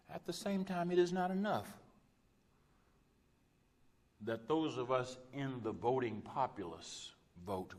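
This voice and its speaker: A man preaching a sermon as a pastor, impassioned, with repeated rhetorical phrases that swing from loud urgent peaks to hushed low drops. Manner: repetitive rhetorical cadence. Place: church sanctuary. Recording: long church reverb.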